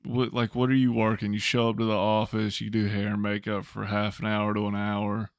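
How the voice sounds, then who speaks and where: A man's voice: on the low side, completely flat delivery, fairly quick, smooth, no echo, studio quality. A man co-hosting a podcast in casual chat, blunt and exasperated as he rants. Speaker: podcast co-host.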